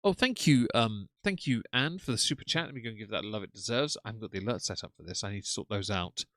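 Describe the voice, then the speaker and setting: A man's voice: on the low side, animated, racing, bright, forceful tone, no echo. A man giving sardonic, mocking live-stream commentary to his chat from a home desk microphone. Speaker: streamer reacting to clips. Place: home room.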